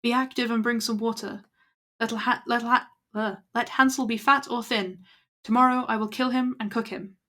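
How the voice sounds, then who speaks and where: A woman's voice: fairly high pitch, steady tone, moderate pace, bright, forceful tone. A woman putting on a wicked old witch. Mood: scolding. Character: wicked old child-eating witch, falsely sweet.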